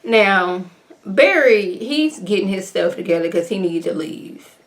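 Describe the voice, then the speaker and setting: A woman recaps a TV episode in casual, animated chat, with frequent exclamations. Her voice sits at a mid pitch for a woman. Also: a little slow. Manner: animated, chatty, exclamatory retelling. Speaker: TV recap vlogger.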